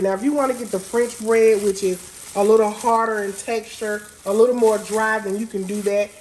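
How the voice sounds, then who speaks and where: A woman's voice: a little high, steady tone, brisk, a little hiss or hum. Stuffy-nosed woman hosting a home cooking show. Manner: chatty, down-home and informal. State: stuffy, congested from a cold. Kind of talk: casual cooking tutorial. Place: home kitchen.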